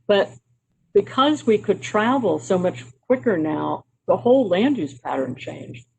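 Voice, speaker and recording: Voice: medium pitch, lively intonation, unhurried, gravelly, breathy edge, low-quality recording. A presenter from Maryland walking a county committee through slides in a conversational way, with frequent um and uh fillers and restarts. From Maryland, United States. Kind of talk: informal slide presentation on urban history.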